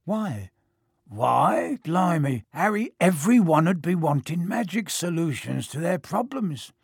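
Guy doing a husky giant, loud and folksy, proud and kind, storybook voice. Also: very animated, a little slow, dry recording, studio quality, full character voice. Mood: hearty. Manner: hearty, booming, folksy dialect. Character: huge gruff kindly giant man, boastful and loyal. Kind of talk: audiobook character voice.

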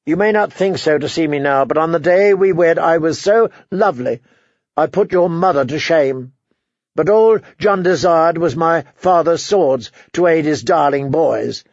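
A male narrator putting on a sharp, suspicious noblewoman, bitter and self-pitying, who wheedles one moment and pries the next. The voice sits a little high and clipped, heard dry and slightly dull, as in a close-miked audiobook recording. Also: normal speed, no echo.

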